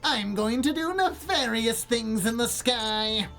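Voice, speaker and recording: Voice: mid-range voice, animated, slow, vocal fry, fairly bright tone, soft background music, heavily acted. A streamer voicing a small, smug male cartoon dragon in a sly, sing-song tone.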